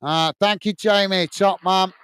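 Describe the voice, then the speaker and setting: A man's voice: high voice, fairly even intonation, measured pace, a bit bright, smooth, dry recording. An English man hosting a football watch-along stream, signing off chattily with lots of "uh" and "mate". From England. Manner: chatty, repeats "mate", many "uh" fillers. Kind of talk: casual live-stream sign-off, reading viewer comments.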